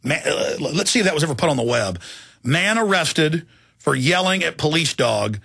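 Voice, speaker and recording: A man's voice: on the high side, very animated, moderate pace, vocal fry, pushed and bright, husky. A middle-aged man hosting a talk radio show, telling rambling, digressive stories in a heated, indignant way.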